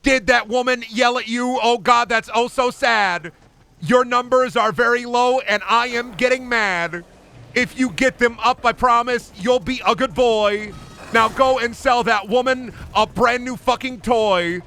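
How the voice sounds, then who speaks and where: A man voicing a pushy male retail manager in a squealing, mock-cheerful, bossy way, crudely and loudly. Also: extremely high pitch, normal speed, clean tone, soft background music, pitched above the performer's own voice.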